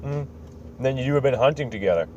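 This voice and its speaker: A podcast host runs through a video game's story in a loose, joking way, full of fillers and acted-out quotes. His mid-range voice is expressive, fast and mellow, though the audio is dull and there's slight background noise.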